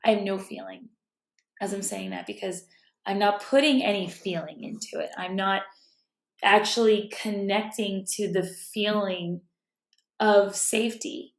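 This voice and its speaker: Woman self-help speaker, thoughtful and casual, with a touch of vocal fry, recorded in a roomy, echoey space at home. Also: medium pitch, unhurried. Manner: thoughtful, self-correcting, drops to a whisper at times. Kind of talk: casual reflective talk. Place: room at home.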